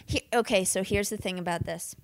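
A woman's voice: medium pitch, a little fast, dry recording. A woman co-hosting a casual movie chat with wry, teasing remarks. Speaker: podcast co-host.

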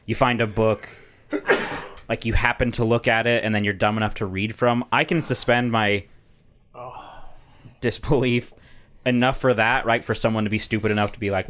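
A man with a fairly low voice. He chats in a laid-back way, swearing freely and filling his talk with "like". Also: fairly even intonation, moderate pace, long pauses, a bit bright, slight background noise. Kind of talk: casual chat.

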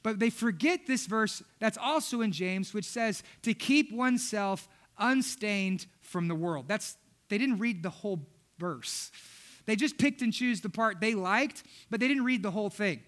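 A young adult man preaching a sermon as a pastor, animated and expressive, sometimes acting out voices. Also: high-pitched, unhurried. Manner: animated, acts out his daughters' voices.

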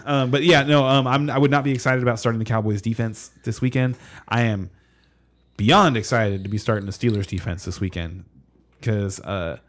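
Brief: male podcast co-host, excitable, rambling football chatter, often laughing. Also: medium pitch, normal speed. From California. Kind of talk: casual sports chat.

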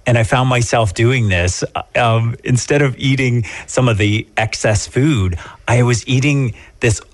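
A middle-aged man from Canada co-hosting a casual radio show, animated and quick to laugh. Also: medium pitch, no room sound. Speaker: radio co-host.

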